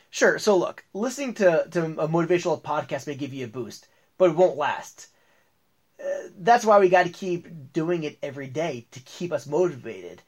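Upbeat man hosting a motivational podcast. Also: fairly high pitch. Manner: upbeat, reads ads and tells jokes with restarts and fillers. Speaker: podcast host.

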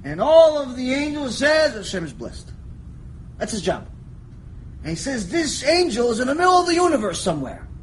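A man teaching a Torah lecture, animated storytelling that jumps between quiet asides and shouted lines, joking with his listeners. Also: very high voice, moderate pace, a little hiss or hum, low-quality recording. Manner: animated storytelling, acts out voices, jokes, shouts for emphasis. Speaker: rabbi teaching a lecture series.

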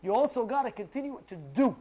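A man's voice: very high-pitched, sing-song, fast, warm tone, low-quality recording. A man giving a Torah class, quizzing his listeners and acting out pleas to God. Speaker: Torah teacher.

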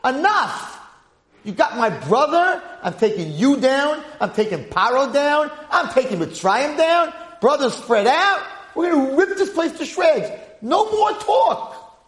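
A man voicing an enraged biblical man who shouts defiance to defend his brother, during a Torah lecture. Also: very high voice, big pitch swings, unhurried, reverberant, voice pushed up, exaggerated voice. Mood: furious.

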